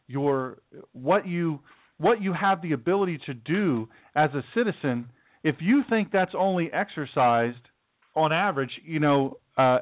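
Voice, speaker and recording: Man, political talk host, fired-up monologue, stammering restarts, somewhat high voice, tinny phone-like audio. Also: no echo. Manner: emphatic, repetitive, stammering restarts. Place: home studio. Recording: dry, tinny phone-like sound.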